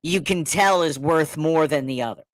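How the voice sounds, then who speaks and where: A middle-aged man telling a story in casual chat, animated, laughing often and acting out what others said. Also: fairly high pitch, normal speed, dry recording. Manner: animated, laughing, repeats words, acts out quotes.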